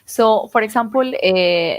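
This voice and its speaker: A woman's voice: mid-range voice, a little slow, no echo. A woman interviewer, a native Spanish speaker, asking questions with enthusiasm and hesitant fillers.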